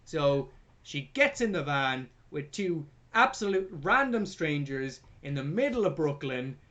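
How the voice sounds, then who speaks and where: A young man hosting a podcast, retelling a film plot in a jokey, sweary, animated way. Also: fairly high pitch, measured pace, highs cut off. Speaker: podcast host. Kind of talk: casual film review chat.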